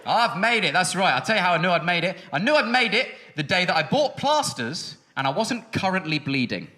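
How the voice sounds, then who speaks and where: A man's voice: high voice, big pitch swings, fairly quick. A young man doing a stand-up routine on a music hall stage, ranting with exasperation, swearing freely and dropping into muttered asides. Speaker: stand-up comedian. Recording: live show with audience noise.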